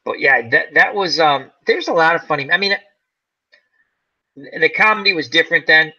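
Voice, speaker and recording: Guy hosting a casual chat, high lively voice, bright and a bit husky, keeps acting out movie bits. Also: normal speed, muffled recording. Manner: animated, acts out movie lines with laughing. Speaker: channel host. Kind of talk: casual chat about old comedy movies.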